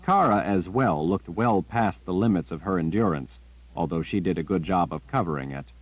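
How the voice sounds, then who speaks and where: A man narrating an audiobook in a steady, measured storytelling manner. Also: deep voice, no echo. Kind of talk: scripted narration. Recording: dry, dull lo-fi.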